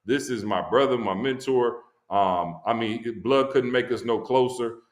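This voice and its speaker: A man's voice: mid-range voice, normal speed, echoey room. A man telling a heartfelt story about a friend on a live stream, emphatic and slangy. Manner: emphatic, slangy storytelling, voice climbs when excited. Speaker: guest speaker at a launch stream.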